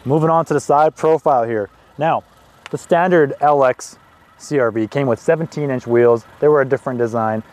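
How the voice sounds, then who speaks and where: A man in his twenties hosting a car review, talking in an excitable, chatty way with casual asides as he walks around a parked car outdoors. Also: medium pitch, moderate pace, a little hiss or hum. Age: 20s.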